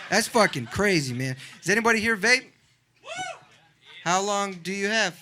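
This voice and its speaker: A young man doing a stand-up comedy set in a club, animated and acting out other people in loud voices. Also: high voice, normal speed, pauses often, background noise. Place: comedy club with a live audience.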